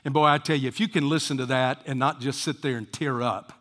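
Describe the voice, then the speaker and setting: A man preaching a sermon as pastor, rising to fervent emphasis and dropping to hushed near-whispers. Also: medium pitch, fairly even intonation, brisk, big-room sound.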